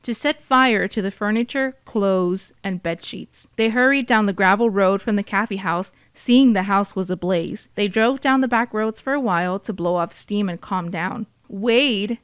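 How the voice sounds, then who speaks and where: Lady podcaster, smooth clear voice, dead dry close mic, cusses a lot between the facts. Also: mid-range voice, normal speed, hardly any pauses, no echo. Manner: profane, outspoken commentary. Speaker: true crime podcast host. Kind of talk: reading a case with blunt asides.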